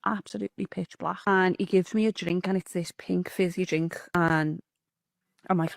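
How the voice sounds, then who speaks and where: A woman with a Liverpool accent telling a story casually, animated and full of swearing. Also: lowish voice, moderate pace, creaky, dry recording, studio quality. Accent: Liverpool (Scouse). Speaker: interview guest telling a story.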